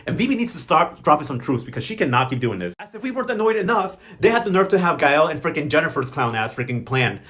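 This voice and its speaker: A man doing a sassy, slang-heavy recap of a soap opera, mocking the characters in quick asides. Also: on the high side, sing-song, fairly bright tone. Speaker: novela recap host.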